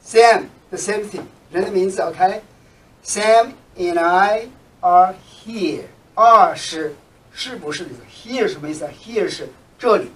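A man teaching English to Chinese speakers, repeating example sentences slowly and switching between English and Chinese. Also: high voice, distant mic, slight background noise, rough recording. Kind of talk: bilingual language lesson.

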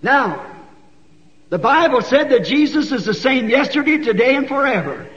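A man preaching a sermon in a church. He tells the story in a folksy, animated way and rises to shouts. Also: very high-pitched, moderate pace. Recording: dull 1960s church tape with long reverb.

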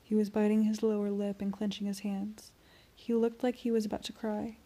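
A woman reads a novel aloud in the first person, keeping her delivery soft and even. Her lines sometimes sink almost to a whisper. Her voice is mellow, gravelly and a little husky. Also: mid-range voice, moderate pace. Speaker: audiobook reader. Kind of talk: amateur first-person audiobook narration.

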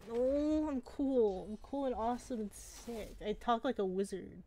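A woman's voice: fairly high pitch, measured pace, mellow. Playful woman gaming with a friend. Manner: playful, laughing, jokey. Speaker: guest co-player on a game stream. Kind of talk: casual gaming chat.

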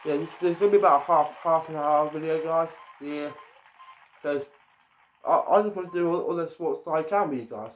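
A man's voice: on the high side, brisk, a little hiss or hum. A man giving casual let's-play commentary as a gaming YouTuber, often stumbling and repeating his words.

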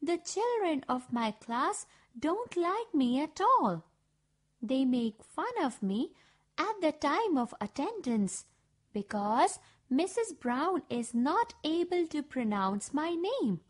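A woman's voice: high voice, sing-song, slow pace, exaggerated voice. Woman doing a shy pleading young schoolgirl. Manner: polite, pleading.

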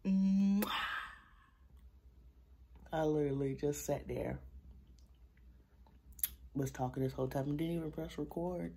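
A woman's voice: sits low, mellow, a little hiss or hum. A young woman chatting casually in a vlog, talking through a sore mouth from new braces and dropping at times into whispers. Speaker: vlogger. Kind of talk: casual vlog chat to camera.

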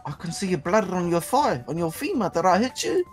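Man, high and lively, rowdy gaming roleplay cop. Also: a little fast, faint music behind. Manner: rowdy, excitable, swears often. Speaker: player in police roleplay.

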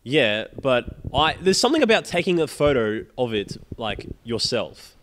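Young aussie guy ranting and swearing on a podcast, mid-pitched voice. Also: very animated, moderate pace, fairly bright tone, a little hiss or hum. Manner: swears a lot, ranting storyteller. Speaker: podcast co-host. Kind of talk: casual chat.

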